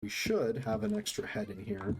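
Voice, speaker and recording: A man's voice: on the low side, sing-song, normal speed, slight background noise. A man on a live game stream, talking loosely at his desk at home. He jokes at his own expense and breaks into laughter often, keeping the tone light and playful. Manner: joking, self-deprecating, laughs often. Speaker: livestreamer. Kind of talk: casual live-stream chat while gaming. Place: home room next to a busy street.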